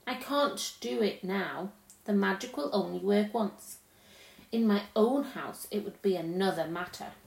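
Honeyed, scheming storybook queen, put on by a woman reading aloud, her coaxing lilts rising high and sweet before turning commanding. Medium pitch for a woman, with a roomy echo around the voice. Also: a little slow, vocal fry.

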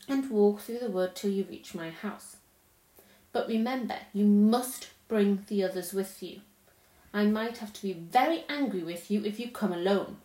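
A woman's voice: medium pitch, warm tone, close to an everyday voice. A woman reading aloud and voicing a cold, scheming queen who coaxes a boy with sweet, lilting promises and a commanding edge. The recording has a roomy echo.

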